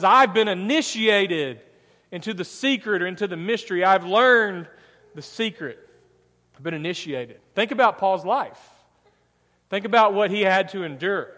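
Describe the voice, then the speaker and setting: A man's voice: high-pitched, a bit bright. A man preaching a sermon, telling a personal story in a conversational way and acting out the dialogue. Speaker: pastor. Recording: long reverb of a church hall.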